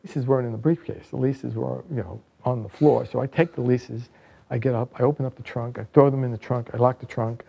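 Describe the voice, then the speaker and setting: A man in his sixties, an author and founder, telling a lively personal anecdote in a book trailer. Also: medium pitch, brisk, creaky, slightly rough, dull audio. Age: 60s. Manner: lively, vivid anecdote telling with bursts of excitement. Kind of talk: storytelling narration in a book trailer.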